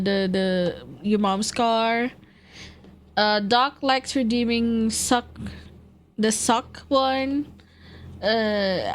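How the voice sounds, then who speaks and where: A woman's voice: fairly high pitch, slight background noise. A young woman streamer, chatting casually in slang and laughing often. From Philippines. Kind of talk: casual live-stream chat.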